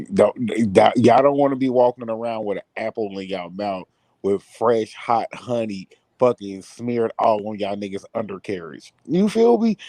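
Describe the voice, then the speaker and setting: A man on a casual live stream, joking loudly, swearing a lot and laughing between rants. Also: mid-range voice, vocal fry, dry recording. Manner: loud, profane, laughing, riffs into mocking voices. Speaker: podcast co-host.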